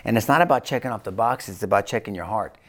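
A man as an interview guest, giving an impassioned faith testimony that swings between loud bursts and hushed, low tones. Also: lively intonation, quick pace.

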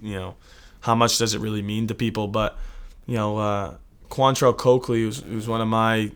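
A man's voice: lowish voice, fairly even intonation, normal speed, a bit bright, clean tone. A man from the United States co-hosting a casual sports talk show, earnest and reflective, often repeating words. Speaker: sports podcast co-host.

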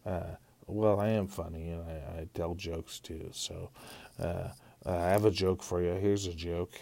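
Male podcast host, deep gravelly voice, unhurried, rambling, swears casually, deadpan self-mocking humor. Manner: rambling, halting, profane. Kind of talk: casual solo podcast monologue.

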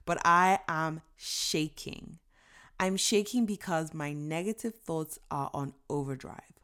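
A woman's voice: low voice, measured pace, a bit bright. A woman in her twenties giving an inspirational talk, earnest and emphatic, emotional as she tells her story and acts out inner voices. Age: 20s. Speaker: motivational speaker. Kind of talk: inspirational speech.

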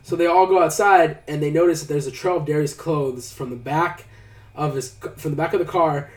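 Animated man retelling a movie. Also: fairly high pitch, fairly quick. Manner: animated storyteller who acts out characters' lines. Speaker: podcast co-host recapping a movie. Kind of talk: casual chat. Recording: roomy, from a distance.

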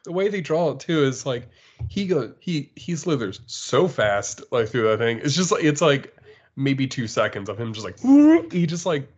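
A man's voice: medium pitch, normal speed, slightly rough, highs cut off. Laughing man in casual podcast chat. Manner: laughs often, animated retelling. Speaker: podcast co-host.

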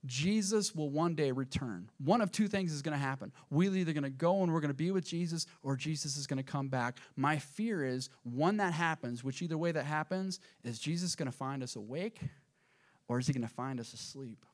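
A man preaching a sermon as pastor, addressing the congregation directly and swinging from hushed asides to loud, emphatic peaks. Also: fairly high pitch, animated, a little fast. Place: church auditorium.

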